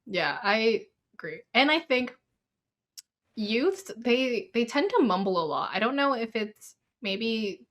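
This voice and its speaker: A young woman from Canada co-hosting a podcast, telling animated stories and acting out what others said. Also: mid-range voice. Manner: animated storyteller, acts out customers. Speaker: podcast co-host. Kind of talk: casual chat.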